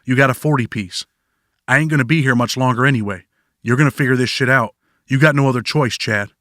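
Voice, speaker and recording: A man's voice: mid-range voice, fast talker, a bit bright, no echo, clean studio sound, natural voice. A man doing a blunt streetwise inmate mentor. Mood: blunt, urging. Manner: tough, profane, lecturing.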